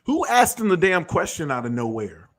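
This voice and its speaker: A man's voice: fairly high pitch, very animated, normal speed. A man hosting a show, delivering a blunt, profane commentary monologue. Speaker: show host.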